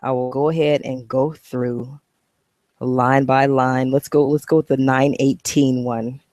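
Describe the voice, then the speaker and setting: A woman's voice: rumbling low, flat delivery, measured pace, darkish tone, dry recording, clean studio sound. A woman giving a heated, profane, sarcastic rant while reacting to a video. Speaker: online commentator. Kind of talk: ranting reaction commentary.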